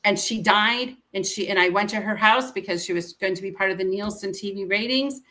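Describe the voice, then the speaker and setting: A woman's voice: medium pitch, brisk, sharp tone. A middle-aged woman telling personal stories as an interview guest, earnest and emotional, acting out what others said. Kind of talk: personal storytelling.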